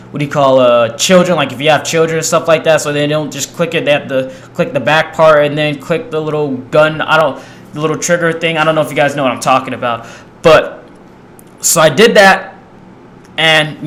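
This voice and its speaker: A man's voice: a little high, a little hiss or hum. A young man casually telling a rambling personal story to camera, acting out the people in it. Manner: rambling, animated, acts out quoted voices. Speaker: storyteller vlogger.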